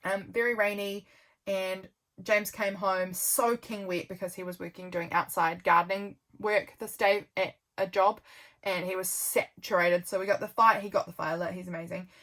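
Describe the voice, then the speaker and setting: A woman's voice: medium pitch, steady tone, normal speed, a bit bright. A young woman, chatting casually and rambling with lots of ums while flipping through her journal. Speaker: journaling vlogger.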